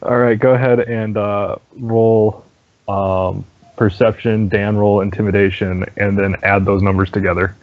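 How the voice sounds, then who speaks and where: A man's voice: fairly low pitch, flat delivery, a little slow. A man narrating a tabletop game as game master, wry and descriptive, often laughing. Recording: dull lo-fi sound.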